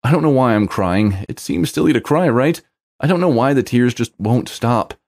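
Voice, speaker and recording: A man's voice: mid-range voice, expressive, normal speed, gravelly, a little mellow, no room sound, studio quality, pitched above the performer's own voice. A man reading a tearful young girlfriend. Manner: tearful yet bossy. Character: young woman, emotional girlfriend.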